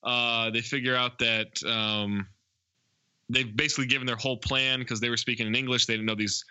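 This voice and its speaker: A man's voice: mid-range voice, flat delivery, fairly quick, bright, forceful tone, smooth, dry recording, muffled recording. A man co-hosting a podcast, casually retelling a movie scene by scene with lots of ums and uhs. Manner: rambling scene-by-scene retelling with many fillers. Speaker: podcast co-host. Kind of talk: casual movie recap chat.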